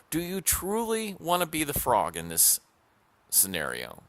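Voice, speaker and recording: A male talk show host delivers an emphatic opinion monologue, hammering points home by repeating them. His pitch swings widely as he tells a story. The tone is bright and forward. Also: wildly swooping pitch, measured pace, no room sound.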